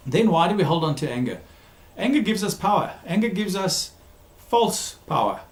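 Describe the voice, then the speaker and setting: A man's voice: high voice, very animated, moderate pace. Emphatic male therapist in an echoey room. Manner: emphatic, repeats key words, frequent ums. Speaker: therapist giving a talk series. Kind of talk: recorded talk on conflict.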